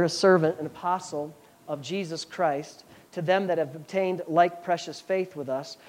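A pastor preaching a sermon, reading scripture slowly and then explaining it with rhetorical questions and emphatic rising bursts. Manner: preaching with rhetorical questions and call-outs to the congregation; rises to emphatic high bursts when stressing points.

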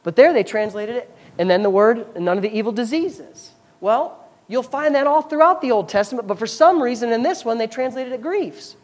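A man's voice: very high-pitched, a little fast, few pauses. A man preaching a sermon, reading scripture and explaining it with chatty, fervent asides. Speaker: pastor.

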